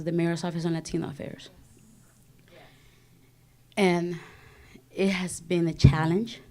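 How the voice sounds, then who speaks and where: A woman's voice: lowish voice, a little mellow. Passionate Salvadoran woman mixing Spanish and English. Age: 30s. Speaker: government office director. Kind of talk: panel speech.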